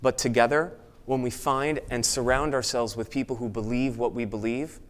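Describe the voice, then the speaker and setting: A man giving a motivational talk at a networking event, speaking with energy and now and then mimicking excited chatter in a raised voice. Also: medium pitch, moderate pace. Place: event room with an audience.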